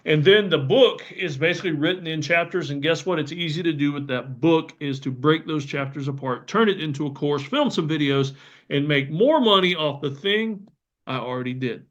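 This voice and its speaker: A Southern US man hosts a casual solo podcast, speaking enthusiastically with lots of fillers and restarts. His voice is fairly high and a bit bright, at a normal speed. The lo-fi recording sounds slightly dull.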